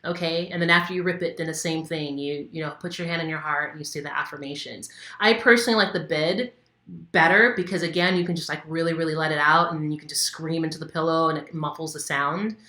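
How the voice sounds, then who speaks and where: A woman's voice: low-pitched, fairly even intonation, fast talker, pushed and bright, roomy sound. A woman wellness coach talking casually to camera, candid and conversational with many fillers. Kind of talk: casual instructional talk to camera.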